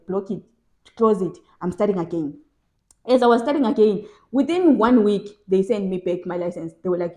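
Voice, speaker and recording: Emphatic woman vlogger, mellow voice. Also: mid-range voice. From South Africa. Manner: emphatic, repeats phrases for stress. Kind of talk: casual advice vlog.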